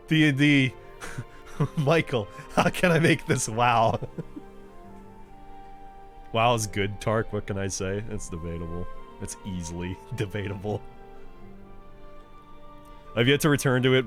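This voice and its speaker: A man's voice: on the low side, slow, long pauses, fairly bright tone. A man streaming a game, chatting casually with his viewers, swearing and joking as he builds a character. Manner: laid-back banter with chat, swearing and laughing. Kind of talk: casual live-stream chat while playing. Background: faint game music.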